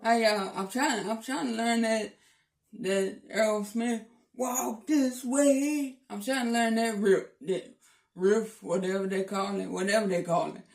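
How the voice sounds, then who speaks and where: A man's voice: high voice, fairly even intonation, measured pace, creaky, far from the mic, faint music behind. Playful joking man in an echoey room. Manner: playful, repeats himself, teasing. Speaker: vlogger. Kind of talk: joking casual vlog.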